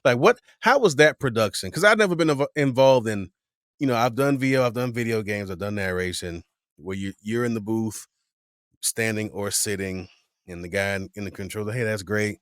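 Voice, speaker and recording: A man hosting a podcast in casual chat, playful and lively, egging his guest on. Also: on the low side, brisk, clean tone, dry recording, clean studio sound. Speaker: podcast host.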